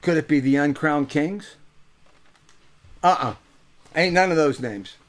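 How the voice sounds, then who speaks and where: An older man from Pittsburgh, USA, a host and musician, gives a casual comic monologue over live webcast audio. His voice is a little high and unhurried, and he jokes, teases and swears, packing his speech with fillers.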